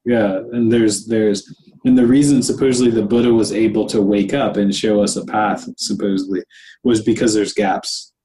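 A man's voice: fairly low pitch, steady tone, moderate pace, dark tone, a little hiss or hum, poor audio. A man co-hosting a podcast, talking reflectively in casual conversation and often answering with "right". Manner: reflective, with frequent "right" backchannels and laughter. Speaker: podcast co-host.

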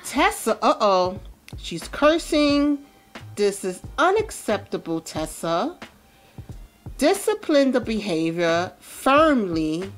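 A woman hosts a let's play, chatting animatedly about her game and laughing often. Her voice swings widely in pitch. Faint music plays in the background. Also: sing-song, slow pace. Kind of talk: casual gameplay commentary.

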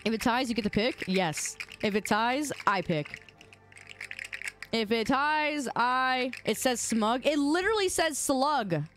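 Woman streamer, high voice, teasing banter, music playing behind. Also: expressive, slow pace. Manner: playful, teasing and argumentative, loud when riled. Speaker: game streamer. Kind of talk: casual live-stream banter with chat.

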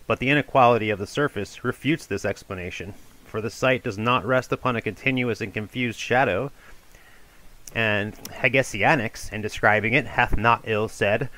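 A man giving a measured, formal audiobook reading of an ancient philosophical dialogue. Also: on the low side, sharp tone, poor audio. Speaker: reader of a classical dialogue.

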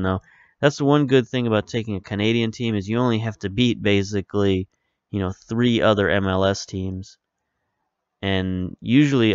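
Relaxed man rambling over gameplay. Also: lowish voice, no echo, muffled recording. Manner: rambling, self-correcting, relaxed. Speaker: video game let's-play host. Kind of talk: casual commentary over gameplay.

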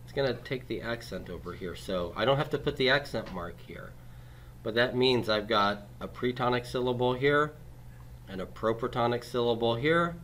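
A man's voice: medium pitch, normal speed, a bit bright, slight background noise. A man teaching grammar in a classroom lecture, quizzing students and tagging his points with "right?". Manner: patient, steps through rules on a board.

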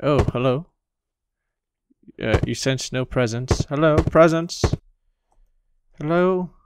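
A man commenting excitedly on a horror game as he plays, reading the dialogue aloud, with loud game music behind him. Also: on the high side, slow pace, very noisy. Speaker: gaming video host. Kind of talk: let's play commentary.

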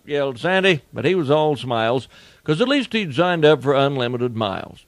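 A man's voice: mid-range voice, sing-song, normal speed, no room sound. A man reciting a comic cowboy poem in a folksy rhyming style. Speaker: cowboy poet.

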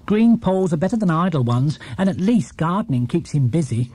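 A woman's voice: on the low side, lively intonation, normal speed, dark tone, husky, no room sound. A man putting on a dry, gloomy old housekeeper. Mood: grudging. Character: fretful older female housekeeper, stern and wary. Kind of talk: storybook reading.

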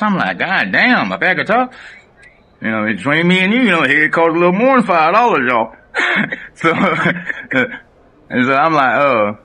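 A man with a Southern American accent, casually telling a profane, animated prison story straight to the camera and laughing often. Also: medium pitch, brisk.

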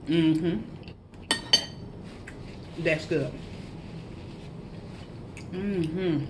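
A woman with a low-pitched voice talks very slowly amid heavy background noise. She's a mukbang vlogger, casually chatting with viewers between bites, humming as she chews, laughing at herself, and giving lively shout-outs.

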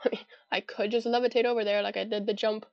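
A woman's voice: medium pitch, flat delivery, quick pace, muffled recording. A young Irish woman giving chatty, giggly commentary to herself while playing a video game. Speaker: gamer. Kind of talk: casual gameplay commentary.

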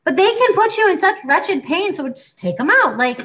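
A high-pitched woman in her forties talks in a lively, chatty way. She co-hosts a casual chat and acts out other people's lines as she goes. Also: moderate pace, rough recording. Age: 40s. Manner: chatty and animated, acting out quoted doctors. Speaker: co-host.

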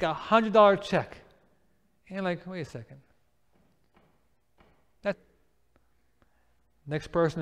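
A man with a fairly high, smooth and resonant voice delivers a sermon in an animated storytelling way. He acts out everyday scenes and keeps asking his listeners questions. His voice rings out with the long reverb of a church hall. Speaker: presenter of a church Bible series. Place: church sanctuary.

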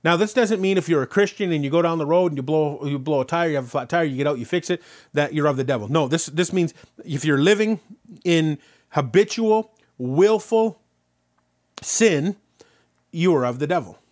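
A man's voice: on the high side, normal speed. A man preaching a sermon as pastor, telling a story and then driving points home with repeated rhetorical questions. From Canada. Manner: animated preaching, rhetorical questions, rising loud on key points.

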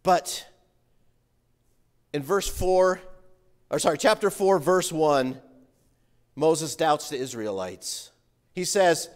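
A male pastor preaching a sermon, animated as he reads scripture and comments on it. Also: a little high, slow, pauses often. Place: church sanctuary. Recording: reverberant church hall.

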